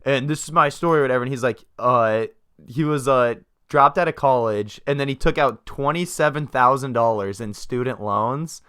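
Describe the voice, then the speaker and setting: A man's voice: medium pitch, normal speed, a bit bright, clean tone. Casting: young male podcast co-host, swears constantly, rambles through anecdotes. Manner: profane, rambling storytelling. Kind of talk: casual chat.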